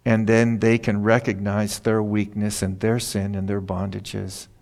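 A man's voice: lowish voice, vocal fry, a little mellow. An older man preaching a conversational sermon, reading scripture aloud and telling stories from his own life. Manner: conversational Bible teaching with personal stories; reads scripture aloud in King James wording.

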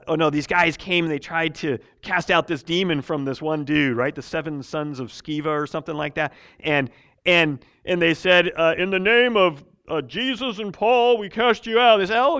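Male preacher, slightly high voice, emphatic sermon delivery mixed with casual storytelling. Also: vocal fry. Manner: loud and emphatic when preaching, drops to quiet storytelling, laughs often. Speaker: pastor. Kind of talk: sermon with personal stories.

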